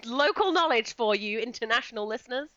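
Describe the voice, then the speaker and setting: A young woman co-hosting a podcast in casual chat, animated and acting out mocking quotes. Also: a little high, brisk, no room sound. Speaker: podcast co-host. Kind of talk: casual chat reviewing a film. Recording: dull lo-fi dry sound.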